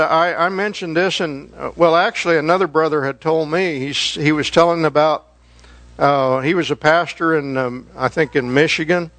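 A man preaching a sermon as pastor, earnest and pleading, slowing down and lifting his voice to act out desperate prayers. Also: fairly high pitch, a bit bright, no echo. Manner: earnest, pleading emphasis when quoting prayers.

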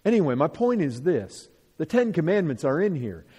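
A man with a high, strongly swinging voice teaches scripture verse by verse, hammering his points with repetition and rhetorical questions. His voice rings with a long reverb, as in a big hall. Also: sing-song, normal speed, warm tone, breathy edge. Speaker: Bible teacher.

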